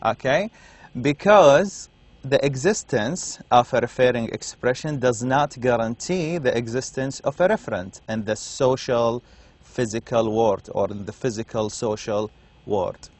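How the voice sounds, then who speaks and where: Male lecturer, middle pitch, unhurried classroom delivery that keeps checking understanding. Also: no room sound. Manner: explains slowly, checks in with "okay?" often. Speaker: university lecturer.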